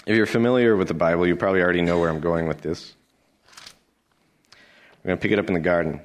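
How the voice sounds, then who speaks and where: A man's voice: low-pitched, quick pace. A male pastor giving a sermon, emphatic and rhetorical, with lots of repetition.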